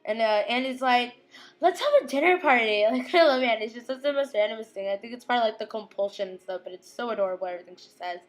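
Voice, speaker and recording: A young woman casually recapping a TV episode, gushing, giggling and quoting characters in quick impressions. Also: on the high side, steady tone.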